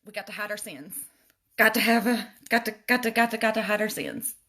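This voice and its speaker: A makeup vlogger chats casually during a livestreamed tutorial from home, speaking directly to viewers as "y'all" and wandering off on laughing tangents. Her voice is mid-range, brisk and sharp.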